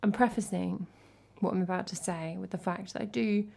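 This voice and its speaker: A woman's voice: medium pitch, steady tone, normal speed, vocal fry, mellow. An English woman from England, a music streamer chatting casually between songs, reading chat and thanking viewers in a chatty, self-deprecating way.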